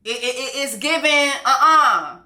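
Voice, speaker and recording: Woman host, brash and animated recapper, bright tone, echoey room. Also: high voice, a little slow. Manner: brash, profane, animated storytelling. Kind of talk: casual show recap.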